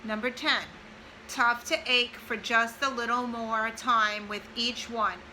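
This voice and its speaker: Tearful mom with a bright, high voice. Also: female voice, steady tone, a little hiss or hum, rough recording. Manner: tearful, pausing to compose herself. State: crying. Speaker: mother of triplets reading her old notes. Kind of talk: casual vlog, reading a list aloud.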